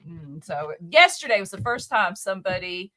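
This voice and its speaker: A woman co-hosting a casual live chat, a teacher by trade, lively and quick to laugh. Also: medium pitch. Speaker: co-host, teacher.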